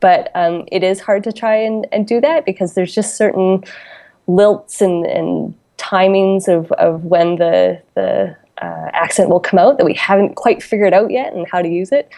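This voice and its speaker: A woman's voice: medium pitch, normal speed, vocal fry, mellow. A Canadian woman chatting as an interview guest, laughing often and full of fillers and restarts. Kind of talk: casual interview chat.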